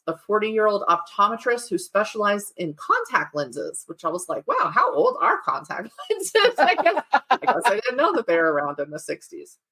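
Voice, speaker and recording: A woman's voice: mid-range voice, sharp tone. A woman hosting a true-crime podcast, chatting and telling a case with laughing asides. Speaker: podcast host. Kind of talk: casual chat and true-crime storytelling.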